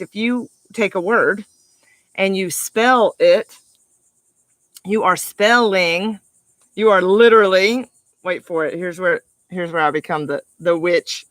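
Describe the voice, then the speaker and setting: A middle-aged woman life coach giving an upbeat, animated motivational talk to the camera, with emphatic delivery and frequent laughs. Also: mid-range voice, takes it slowly, no echo.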